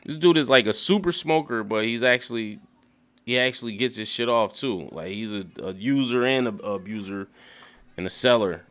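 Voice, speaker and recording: A young man casually rambling through a TV episode recap, profane and animated, breaking into quick acted quotes. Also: medium pitch, clean tone. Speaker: YouTube show recapper.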